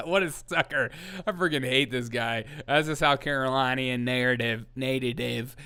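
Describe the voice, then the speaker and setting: A man's voice: medium pitch, steady tone, normal speed, sharp tone, clean tone. A man hosting a comedy news show, sarcastic and laughing often as he riffs. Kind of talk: casual comedic commentary.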